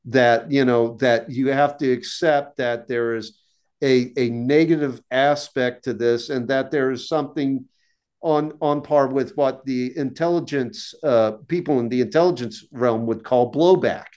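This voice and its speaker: A man, an author guest on a podcast, talking casually in halting speech with many restarts and repeated words. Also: medium pitch, fairly even intonation, darkish tone. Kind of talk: casual interview talk.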